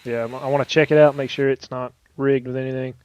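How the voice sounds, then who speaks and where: A man's voice: mid-range voice, fairly quick, clear, resonant tone. A man playing a tabletop role-playing game, casually thinking aloud as he declares what his character does. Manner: relaxed, thinks aloud while declaring actions. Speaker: player.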